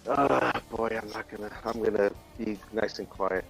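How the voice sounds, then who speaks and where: A man's voice: lowish voice, normal speed, gravelly, faint music behind, rough recording. A man co-hosting a casual live-stream chat, teasing and blunt. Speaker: co-host.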